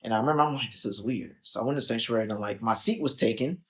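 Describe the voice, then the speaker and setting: A man's voice: medium pitch, rapid-fire. Chatty young man telling a story. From Chicago. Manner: animated storyteller, acts out quotes, frequent "like" and "um". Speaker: podcast guest. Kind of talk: casual storytelling interview.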